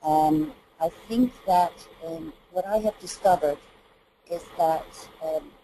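A woman's voice: low voice, slow, dark tone, a little hiss or hum, low-quality recording. A middle-aged woman from Texas, a vocal coach, explaining singing technique in earnest, hesitant speech with frequent fillers. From Texas, USA. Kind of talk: explanatory interview talk.

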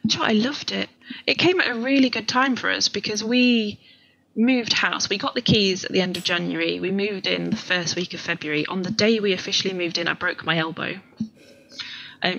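A woman's voice: mid-range voice, a little fast, creaky, fairly bright tone, highs cut off. A woman in her thirties, a podcast guest talking at length in a chatty, rambling, self-deprecating way. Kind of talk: casual conversation.

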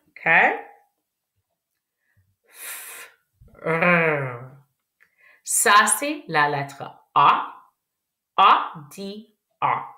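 A woman teaching young children, repeating words slowly and clearly and switching between English and French. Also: fairly low pitch, bright, forceful tone, echoey room. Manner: slow, exaggerated enunciation, repeating words. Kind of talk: children's language lesson.

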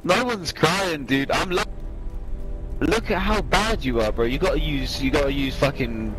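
A man's voice: mid-range voice, expressive, moderate pace, low-quality recording. A young British man streaming a game, taunting and swearing at other players in heated trash talk. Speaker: gamer streamer. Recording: loud game music and effects behind.

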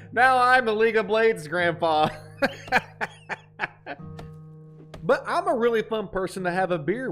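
A high-voiced man with an Appalachian twang chats casually while streaming a game. He reads the chat aloud and laughs easily.

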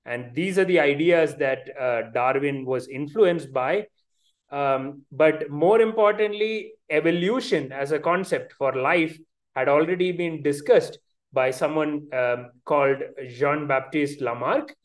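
An Indian-accented man lectures on science over a video call. His voice sits a little high for a man. He pauses often with fillers and restarts his phrases as he explains. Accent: Indian English. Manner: hesitant, many fillers and restarts.

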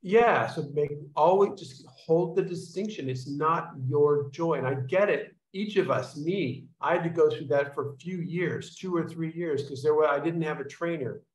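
A man speaking with a slightly high voice on a video call, heard in an echoey room. He rambles through explanations, restarting sentences and acting out little sounds to make his points. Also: normal speed, hardly any pauses, a little mellow. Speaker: workshop leader. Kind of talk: casual teaching to an online group.

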